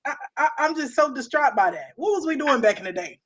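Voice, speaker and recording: Animated woman co-hosting a chat. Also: high voice, fairly quick. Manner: animated, emphatic, repeats phrases. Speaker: co-host. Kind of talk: casual chat.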